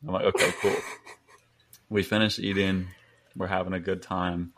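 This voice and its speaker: A man's voice: deep voice, little pitch movement, fairly quick, a bit bright, a little hiss or hum. A man in his twenties, a podcast guest, telling rambling stories in casual chat and chuckling as he goes.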